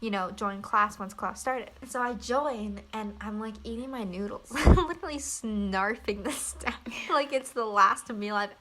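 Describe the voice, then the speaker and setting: A woman's voice: medium pitch, unhurried, hardly any pauses, fairly bright tone, low-quality recording. A young woman co-hosting a casual podcast, telling a story in a chatty, laughing way. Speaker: podcast co-host. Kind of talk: casual chat.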